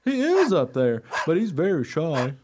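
An eager, friendly dog tells his story in a radio play, voiced by a man. His voice sits a little high and swings widely as he talks. He sounds excitable and keen to make friends. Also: a little slow, background noise. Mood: excited. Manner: eager and excitable, voice leaping high when talking.

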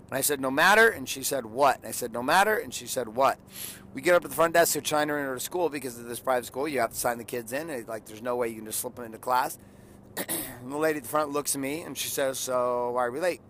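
A man of about forty, talking bluntly and crudely like a preacher, tells a long parenting story. His voice sits at an ordinary middle pitch. A faint hiss of noise runs under the recording. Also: a bit bright. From California. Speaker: father and podcaster. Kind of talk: blunt motivational monologue.

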